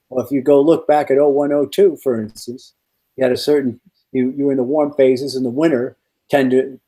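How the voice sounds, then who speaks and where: A man who is a meteorologist, guesting on a podcast and telling rambling, animated stories with many restarts. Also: medium pitch. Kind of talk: casual podcast storytelling.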